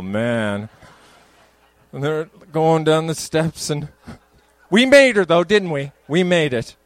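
A man's voice: on the high side, no echo, low-quality recording. An older man, a pastor, preaching a sermon in a church, moving between conversational asides and emphatic peaks. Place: church sanctuary.

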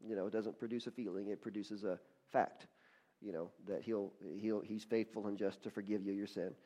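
A man's voice: lowish voice, steady tone, a little fast, warm tone. A man giving a sermon, telling a story with frequent restarts and repeated words, building to fervent praise. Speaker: pastor.

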